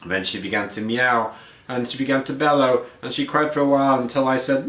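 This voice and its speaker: A man's voice: mid-range voice, steady tone, fairly quick, fairly bright tone. A man reading a rhyming picture book aloud in a rhythmic cadence, with some slips and restarts. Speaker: storyteller. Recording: roomy echo.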